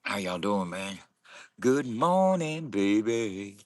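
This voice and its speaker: A man's voice: on the low side, very animated, slow pace, no echo, clean studio sound. A man talking casually to camera in a morning vlog, boisterous and profane and laughing often. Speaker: vlogger.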